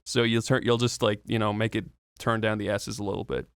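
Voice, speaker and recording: A man's voice: on the low side, little pitch movement, a little fast, smooth, dry recording, clean studio sound. A man talking through an audio tutorial in a loose, casual way, explaining each step with fillers and the odd swear.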